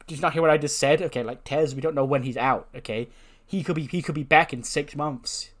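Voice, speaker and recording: A man's voice: fairly high pitch, fairly quick, a bit bright. A man voicing a self-important female wrestler who complains in a whiny, exasperated way. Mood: whining.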